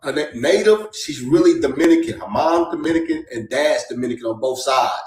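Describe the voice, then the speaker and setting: A man calling into a live talk show, relaxed and chatty. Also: medium pitch, a little fast, roomy sound, slight background noise, poor audio. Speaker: caller.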